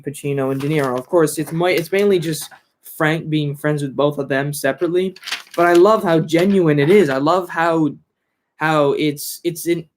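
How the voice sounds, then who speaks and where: A man's voice: on the high side, slight background noise. A man reviewing a film in casual chat, rambling with lots of fillers and restarts.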